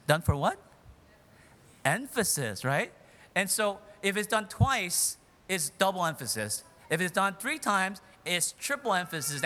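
A man with a high, bright voice preaches a sermon, talking conversationally and often restarting or repeating words. His voice carries the long reverb of a large hall.

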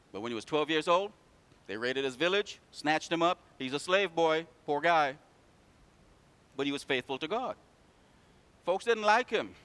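A high-pitched man preaches a sermon in church, telling stories and calling out to the congregation. His delivery swings between loud and hushed.

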